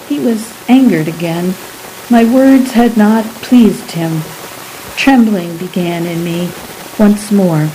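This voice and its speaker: A woman narrates a first-person story in a hushed, fearful way. Her delivery is very slow and her tone is mellow and dark. A faint hiss sits under the voice. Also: medium pitch, rough recording.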